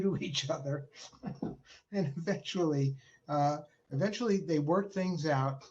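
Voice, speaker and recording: A man telling a story with amusement and pauses. His voice sits a bit higher than most men's. The sound comes over a dull, muffled video call. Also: a little mellow. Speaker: former chief resident.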